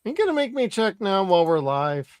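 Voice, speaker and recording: A man's voice: sits high, sing-song, fairly quick, a little mellow, smooth, no room sound. A man hosting a live podcast, chatting loosely and swearing freely. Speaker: podcast host. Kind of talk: casual live podcast chat.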